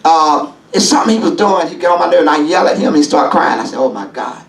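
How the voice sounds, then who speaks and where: A man's voice: a little high, animated, fast talker, gravelly. A man preaching at a Bible study as bishop, calling out questions to the congregation and repeating himself. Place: church sanctuary. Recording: echoey church from a distance with congregation. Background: congregation murmuring.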